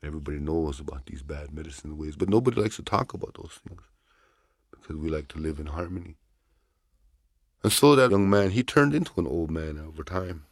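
A man telling a traditional story aloud in an unhurried, soft-spoken, conversational way. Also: very deep voice, creaky, husky, no echo.

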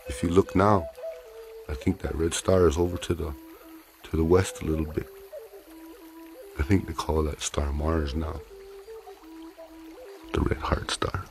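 Low-voiced male storyteller, unhurried. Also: steady tone, creaky, music in the background. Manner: unhurried, repeats phrases, talks to listeners. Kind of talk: oral folk storytelling.

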